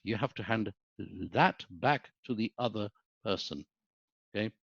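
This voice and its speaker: A man's voice: lowish voice, a little slow, dry recording, highs cut off. A middle-aged man, a business school professor giving a webinar lecture, telling anecdotes and often checking in with "okay?". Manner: anecdotal, animated storytelling with frequent "okay?" checks.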